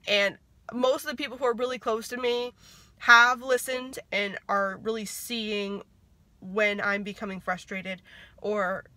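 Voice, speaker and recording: A woman's voice: medium pitch, sharp tone, no room sound. A young woman talking to camera in a candid, reflective vlog, swearing freely and laughing at herself. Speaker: vlogger. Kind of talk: reflective casual talk to camera.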